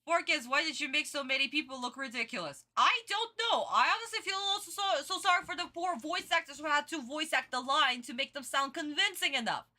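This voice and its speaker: A woman's voice: high voice, a little fast, few pauses, pushed and bright. A tired woman streamer giving exasperated reaction commentary, ranting and repeating herself.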